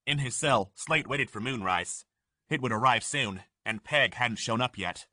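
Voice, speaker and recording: A man narrating an audiobook in measured storytelling, recorded on a studio microphone. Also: mid-range voice, bright, forceful tone, dry recording. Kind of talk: scripted narration.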